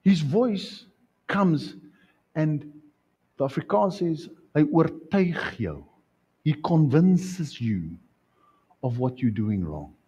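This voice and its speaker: A man preaching a sermon as a pastor in a church, animated, asking the congregation questions and acting out scenes. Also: on the high side, slow pace, pauses often, slightly rough.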